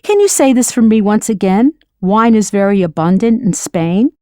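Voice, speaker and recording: Woman, language teacher, scripted audio lesson, mellow tone, dry close sound, careful spelled-out words. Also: mid-range voice, expressive, no room sound. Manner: spells words letter by letter, models Spanish slowly.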